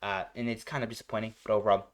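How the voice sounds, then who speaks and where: A man's voice: lowish voice, level tone, racing. A young man hosting a reaction video, chatting casually and rambling with lots of filler words. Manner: rambling, full of "like" and "you know".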